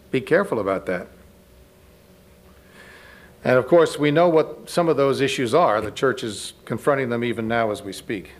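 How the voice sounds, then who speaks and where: A man giving a spoken lecture to a live audience, conversational, often turning to ask the listeners questions. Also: mid-range voice. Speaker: lecturer speaking to a church audience.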